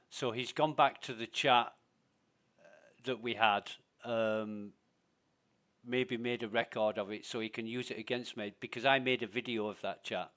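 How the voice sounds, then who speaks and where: A man's voice: mid-range voice, fairly bright tone. A man chatting while streaming a game, blunt and venting with heavy swearing. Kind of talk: casual gaming chat.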